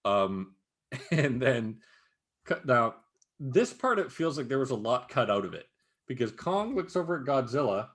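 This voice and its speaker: A man's voice: mid-range voice, unhurried. A man co-hosting a casual podcast, swearing a lot and acting out movie scenes as he retells them. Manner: animated, swears constantly, acts out movie scenes. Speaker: podcast co-host. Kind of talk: casual chat.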